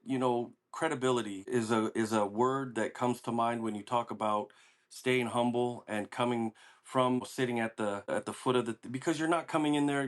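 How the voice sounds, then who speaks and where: A man co-hosting a podcast, speaking thoughtfully and pausing to search for words. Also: mid-range voice. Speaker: podcast co-host. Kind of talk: casual conversational podcast talk.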